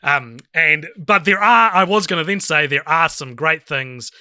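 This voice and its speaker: A man's voice: fairly high pitch, unhurried, pushed and bright, dry recording, studio quality. A man co-hosting a casual film podcast, laying out opinionated arguments at length. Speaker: podcast co-host.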